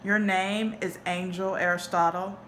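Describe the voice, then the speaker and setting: A woman reading aloud, voicing a friendly teenage boy with a squeaky, congested voice. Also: level tone, measured pace, a bit bright, a little hiss or hum, natural voice. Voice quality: squeaky, sounds like he has a cold.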